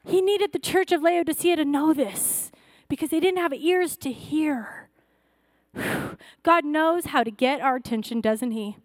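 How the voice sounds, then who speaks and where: A woman's voice: sits high, measured pace, dry recording, studio quality. A woman pastor preaching a fervent sermon, exhorting her church with rising, repeated calls.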